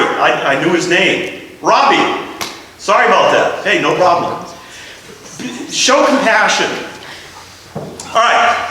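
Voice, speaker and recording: A man preaching a sermon, telling funny stories and bantering with the congregation. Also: high voice. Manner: animated storytelling, jokes with the congregation. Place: large church hall. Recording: echoey hall, from far off, congregation audible.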